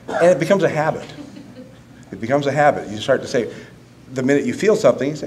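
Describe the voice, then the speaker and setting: A man's voice: medium pitch, quick pace, slight background noise. A man in his fifties, a school counselor, giving a humorous conference talk that turns earnest. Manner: animated storyteller, laughing, then earnest. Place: conference room.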